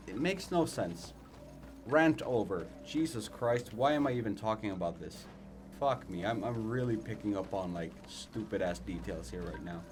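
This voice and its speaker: A man's voice: lowish voice, lively intonation, normal speed, darkish tone, faint music behind. A young man, not a native English speaker, giving casual let's play commentary, ranting and swearing with self-mocking asides.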